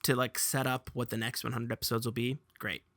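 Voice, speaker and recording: A young man hosting a casual podcast chat, telling stories with lively, laughing energy. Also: medium pitch, brisk, no echo. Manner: animated storyteller, laughs while telling. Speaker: podcast host.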